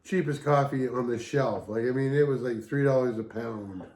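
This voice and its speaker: A retired firefighter, a man, telling stories in a relaxed, dry way during a casual chat. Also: mid-range voice, normal speed. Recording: roomy echo.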